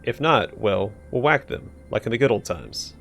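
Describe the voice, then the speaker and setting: Man doing a cocky old loan-shark thief for a game, lively pitch, soft music behind. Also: moderate pace, gravelly. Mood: swaggering. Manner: swaggering, breezy slang with threats.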